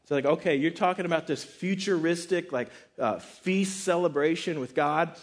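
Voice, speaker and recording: A man preaching a relaxed, conversational sermon on a Bible passage, joking and saying "like" often. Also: on the high side, moderate pace. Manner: relaxed and joking, heavy use of "like". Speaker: pastor teaching a Bible passage.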